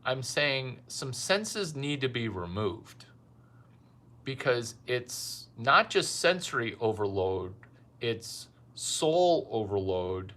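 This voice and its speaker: A man's voice: medium pitch, very animated, slow pace, sharp tone. A man delivering a rambling, provocative comic monologue with brash, repetitive phrasing. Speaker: self-styled dating advice comedian.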